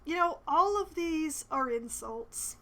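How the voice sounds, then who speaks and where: A woman's voice: sits high, expressive, takes it slowly, pushed and bright, poor audio. A woman streaming a role-playing game, reading the dialogue aloud and adding wry, chatty asides. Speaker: gamer streaming a playthrough.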